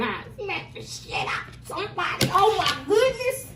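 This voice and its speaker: A woman giving a casual, profane tarot reading, swinging between loud outbursts and low muttering. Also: huge pitch swings, moderate pace, few pauses. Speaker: tarot reader.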